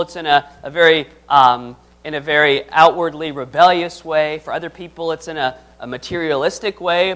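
A man's voice: a little high, a bit bright. A man preaching a conversational sermon, reading scripture aloud and asking his listeners questions. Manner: conversational, asks the audience questions.

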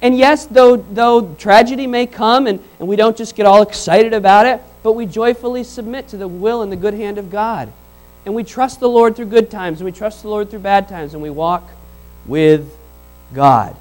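A man preaching a sermon as pastor, conversational and animated, slipping into the voices of the people in his stories. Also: high-pitched, moderate pace, low-quality recording.

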